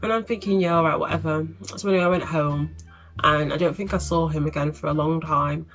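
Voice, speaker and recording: A woman's voice: deep voice, brisk, a bit bright. A young woman telling a storytime vlog in a chatty, exasperated way. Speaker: vlogger.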